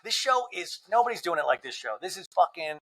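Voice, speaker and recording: A man hosts a comedic reality TV recap podcast. His voice sits somewhat high, and he tells the story in an animated, gossipy style, swearing freely. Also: fairly quick, rough recording. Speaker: podcast host.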